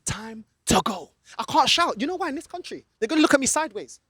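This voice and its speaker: A man's voice: extremely high pitch, big pitch swings, fast, fairly bright tone, breathy edge, dry recording, clean studio sound. A man ranting angrily in a football fan vlog, filmed outdoors in a car park by a friend holding the camera, slipping into Portuguese now and then. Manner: angry, ranting, slips into Portuguese. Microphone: camera held by a friend.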